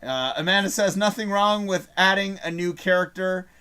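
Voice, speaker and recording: A man's voice: sits high, normal speed, pushed and bright, clean tone. A man hosting a live show, reading out chat messages in a casual, rambling way, swearing often and losing his train of thought.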